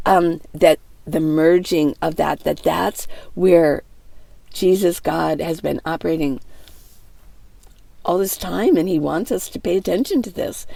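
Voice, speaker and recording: A woman's voice: lowish voice, normal speed, creaky, husky, dry recording. A woman in her sixties rambling through a casual reflective monologue as a van life vlogger, with many fillers and restarts. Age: 60s. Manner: rambling, warm-hearted, many fillers and restarts, laughs often. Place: inside a minivan.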